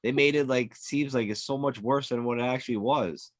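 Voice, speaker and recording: Brief: podcast host, man, average pitch, blunt and foul-mouthed, dry close mic. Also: a little fast, no room sound. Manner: blunt, heavily profane ranting. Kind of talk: casual podcast chat.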